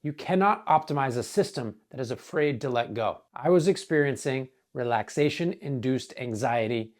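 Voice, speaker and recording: A man, a wellness coach, in earnest scripted narration with a measured delivery and dramatic pauses, his voice hoarse. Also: mid-range voice, animated.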